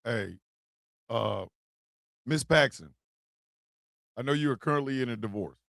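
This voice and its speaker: A man hosting a comedy show, ranting in a profane, animated way with yelled bursts. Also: mid-range voice, a little slow, gravelly, no room sound, clean studio sound. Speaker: host. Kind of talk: comedic rant commentary.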